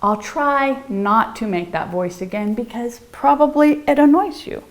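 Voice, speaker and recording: A woman's voice: on the high side, measured pace. Bubbly, theatrical woman teaching piano. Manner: bubbly and theatrical, sing-song rhyme chanting, sudden squeals and whispers. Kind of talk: playful piano lesson to camera.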